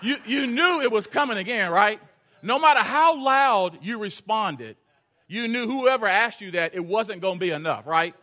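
A man preaching a sermon, telling a story and shifting between loud urgency and hushed, intense passages. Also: high voice, animated, moderate pace. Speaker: pastor.

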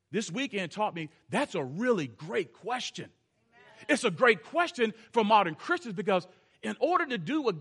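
A man preaching a sermon, telling a story and shifting between loud urgency and hushed, intense passages. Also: very high voice. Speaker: pastor.

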